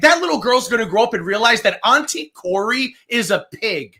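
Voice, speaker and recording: A woman on a livestream rants in a fired-up, furious way, swearing hard and repeating herself for emphasis. Her voice is bright and sharp, and her pitch leaps up and down. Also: expressive, moderate pace, hardly any pauses. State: angry and fired up. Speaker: streamer co-host. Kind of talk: heated livestream rant.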